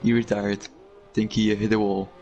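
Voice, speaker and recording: A man co-commentating a racing league live, hesitant and full of filler pauses. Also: fairly low pitch, flat delivery, dark tone, muffled recording, slight background noise.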